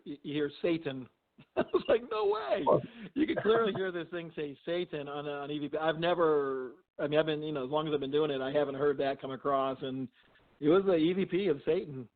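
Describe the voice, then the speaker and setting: A middle-aged man with a somewhat high voice rambles through his stories, full of "you know" and restarts. He sounds tinny and thin, like a call over a phone line. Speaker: guest, physician and paranormal investigator. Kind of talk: casual storytelling in a phone interview.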